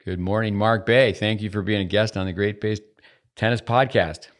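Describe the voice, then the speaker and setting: Older man, podcast host, very deep voice, chatty, teasing, rambling restarts. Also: fairly even intonation, normal speed. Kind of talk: casual podcast chat. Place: at a table in a studio.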